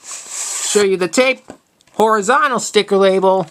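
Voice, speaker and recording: A man's voice: sits high, unhurried, fairly bright tone, slight background noise. A man in his twenties talks through his collection for the camera in a loose, unscripted way. He often stops and restarts words mid-phrase, keeping a plain, matter-of-fact tone, and comes through a camera mic while he handles the items off-screen. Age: 20s. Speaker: video collector showing tapes. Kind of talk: casual show-and-tell vlog.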